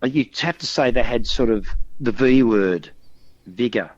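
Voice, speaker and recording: A man's voice: medium pitch, normal speed, dry recording, muffled recording. Man, dry close sound. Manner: chatty, stumbling repetitions, anecdotal. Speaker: guest, loudspeaker designer. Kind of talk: casual conversational interview.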